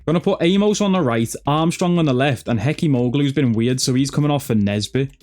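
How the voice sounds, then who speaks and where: A man's voice: mid-range voice, a little fast, darkish tone, soft background music. A man giving casual, chatty commentary over his own football video game, swearing and calling viewers lad and bro. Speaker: gaming YouTuber.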